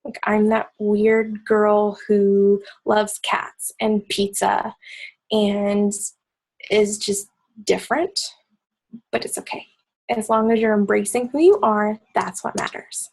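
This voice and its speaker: Woman coach, husky, kept low and soft, casual team-call pep talk. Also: fairly even intonation, slow, rough recording. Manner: talking softly and low to keep quiet.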